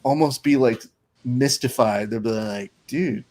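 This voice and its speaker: A man's voice: medium pitch, normal speed. A man hosting a casual podcast interview, joking and rambling through a story. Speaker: podcast host.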